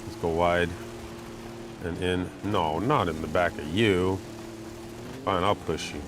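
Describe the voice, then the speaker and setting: A man giving chatty, self-mocking commentary while playing a racing game, getting excited when he pulls ahead. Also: deep voice, takes it slowly. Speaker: gamer commentating his play. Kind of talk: casual gameplay commentary. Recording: game engine noise behind voice. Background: racing game car sounds.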